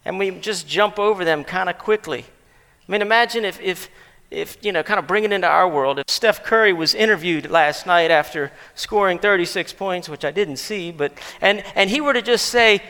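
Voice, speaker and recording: High, bright male preacher; casual rhetorical-question delivery in a reverberant sanctuary. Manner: conversational storytelling with rhetorical questions. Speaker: pastor. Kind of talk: sermon. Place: church sanctuary. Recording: long church-hall reverb.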